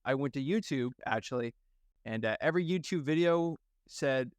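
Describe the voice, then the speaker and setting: A young man, a guest, telling his story in a casual, energetic way and acting out the people he quotes. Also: mid-range voice, normal speed, no room sound, clean studio sound. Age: young adult.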